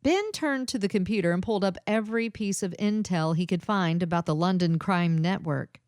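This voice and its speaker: A woman narrating a novel in an expressive, storytelling manner. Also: on the low side, a little fast, dry recording, clean studio sound. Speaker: audiobook narrator. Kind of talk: scripted narration.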